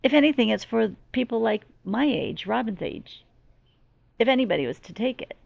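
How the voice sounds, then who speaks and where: A woman's voice: fairly high pitch, animated, normal speed, vocal fry, a little mellow, dry recording. A middle-aged woman speaking as a medium in a channeling monologue, earnest and emphatic, with lots of repetition. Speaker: spiritual medium.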